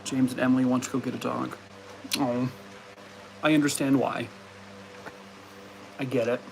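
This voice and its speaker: A man's voice: medium pitch, flat delivery, moderate pace, vocal fry, darkish tone, slight background noise. A man live streaming from home, chatting casually and playfully scolding and baby-talking his dogs. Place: home in Arizona.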